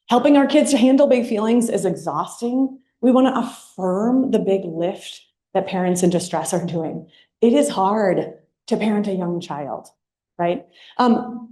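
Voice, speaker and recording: A woman's voice: medium pitch, animated, unhurried, warm tone. A woman presenting a workshop to a live audience, speaking in a conversational way and often checking in with "right?". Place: meeting room with an audience. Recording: echoey room.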